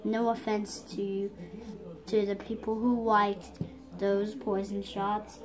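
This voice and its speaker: A child casually narrating a home-made brick film, excitable, humming dramatic sound effects and rambling with restarts. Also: medium pitch, takes it slowly. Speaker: young brick-film maker.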